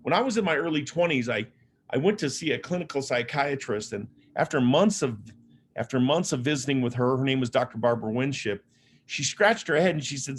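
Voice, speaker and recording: Man, motivational speaker, middle pitch, humorous storytelling, conversational, faint background noise. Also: animated, brisk. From Las Vegas, Nevada, USA. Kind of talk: storytelling keynote talk.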